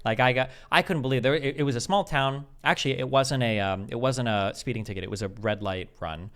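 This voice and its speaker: Man from nebraska, podcast host, rapid speech, crisp low voice, swears a lot, animated storyteller. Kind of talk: casual podcast chat.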